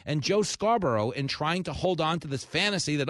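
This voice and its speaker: A man's voice: a little high, expressive, fairly quick, fairly bright tone, no echo. A man hosting a talk radio show, ranting with comic asides and telling jokes into a studio microphone. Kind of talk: opinionated talk radio monologue.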